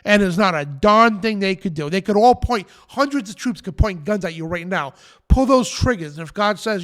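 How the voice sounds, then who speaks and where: A man's voice: high-pitched, a little fast. A man hosting a live show, preaching in an emphatic, defiant rant and repeating his phrases. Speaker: show host.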